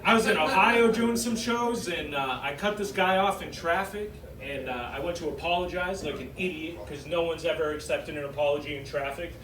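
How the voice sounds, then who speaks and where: A man's voice: a little high, a little fast, few pauses, crowd noise. Brash stand-up man in a roomy club. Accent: Massachusetts. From Massachusetts. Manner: brash, animated punchlines. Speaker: stand-up comedian. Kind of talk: stand-up set. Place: comedy club stage. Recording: roomy club sound from far off with audience noise. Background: audience laughter.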